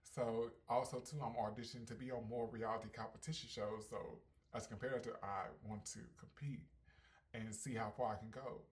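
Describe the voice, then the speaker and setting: A ballroom performer hosting a casual Q&A vlog, brash and sassy with heavy slang, swinging between loud hyped bursts and calm reflection. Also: mid-range voice, brisk. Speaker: ballroom performer and channel host.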